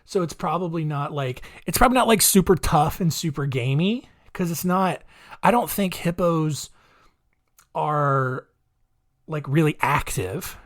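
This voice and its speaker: A man's voice: fairly high pitch, expressive, a little slow, fairly bright tone, no echo, studio quality. A man hosting a podcast, telling history stories in a chatty, rambling way with sarcastic asides. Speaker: podcast host. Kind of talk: casual comedic monologue.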